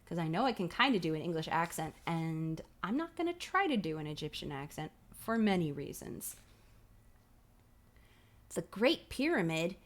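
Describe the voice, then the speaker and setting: A woman's voice: lowish voice, very animated, moderate pace. A woman hosting a livestream, reading a children's horror book aloud with playful, giggly commentary and casual swearing, on a streaming mic at home. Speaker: livestream host. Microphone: streaming microphone.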